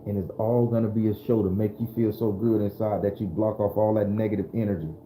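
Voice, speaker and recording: A man's voice: lowish voice, fairly even intonation, quick pace, warm tone, reverberant, faint music behind. A man hosting a casual live-streamed spiritual talk, loose and preachy, speaking straight to his viewers. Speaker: spiritual livestream host.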